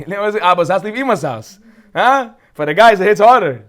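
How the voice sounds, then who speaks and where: A rabbi from Brooklyn with a Brooklyn accent, teaching a lively Torah class, joking and firing off rhetorical questions. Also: male voice, sits high, normal speed. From Brooklyn, United States.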